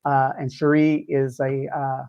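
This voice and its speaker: A man co-hosting a casual live discussion, chiming in with jokey asides and shout-outs. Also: mid-range voice, monotone, a little slow, clean tone, lo-fi sound. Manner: jokey interjections. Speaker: livestream co-host.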